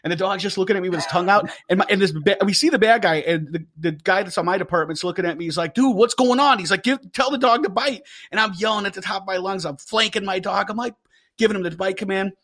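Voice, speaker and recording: Animated storytelling man, high-pitched. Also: fast talker. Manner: animated storyteller, acts out quotes loudly. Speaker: podcast host, former police K9 handler. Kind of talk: casual storytelling chat.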